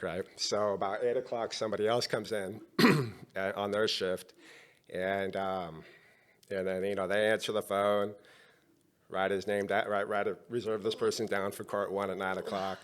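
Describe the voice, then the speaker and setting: A man's voice: lowish voice, fairly even intonation, normal speed. A middle-aged man, a podcast guest, telling a long personal story and acting out the dialogue of the people in it.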